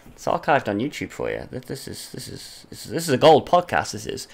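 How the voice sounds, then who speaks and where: A man's voice: medium pitch, huge pitch swings, fairly quick, creaky. A man co-hosting a gaming podcast with his brother, chatting in rambling, teasing banter. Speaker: podcast co-host. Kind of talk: casual chat.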